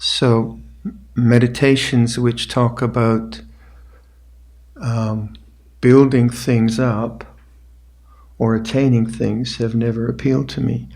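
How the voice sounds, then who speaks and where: Older man giving slow meditation instructions. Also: medium pitch, level tone, creaky, a little mellow. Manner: slow, reflective, with pauses and restarts. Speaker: meditation teacher. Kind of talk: dharma talk with meditation instructions. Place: retreat meditation hall.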